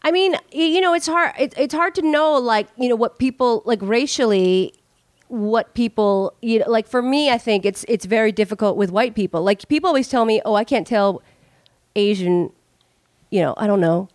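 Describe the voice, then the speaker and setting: A woman's voice: on the high side, normal speed, dry recording, studio quality. Rambling, swearing woman hosting a podcast. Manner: rambling, with many fillers and restarts; swears casually. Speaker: podcast host. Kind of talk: casual podcast chat.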